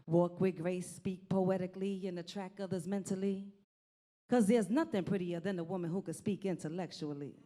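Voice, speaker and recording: A woman's voice: fairly low pitch, moderate pace, warm tone. A woman performing spoken word poetry in a rhythmic, rhyming delivery.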